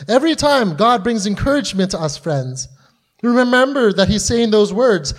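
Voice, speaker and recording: A man's voice: high voice, very animated, moderate pace. A man preaching a sermon, earnest, acting out the voices in the stories he tells. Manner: earnest, acts out quoted voices with rising intensity.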